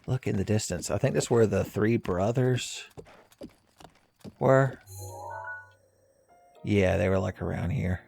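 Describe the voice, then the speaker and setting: A man's voice: lowish voice, takes it slowly, creaky, pauses often, a little mellow, soft background music. A man hosting a let's play, rambling through casual game commentary with jokey, crude humor.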